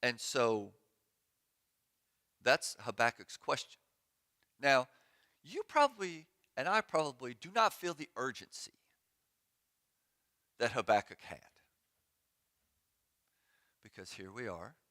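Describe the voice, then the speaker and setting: A man's voice: medium pitch, big pitch swings, takes it slowly, pauses often, sharp tone. A man giving a sermon as pastor in a church sanctuary, conversational and joking, with sarcastic asides.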